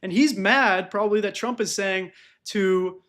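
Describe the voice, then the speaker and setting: A man's voice: high voice, measured pace, a bit bright. A man hosting a political commentary video, sarcastic and mocking.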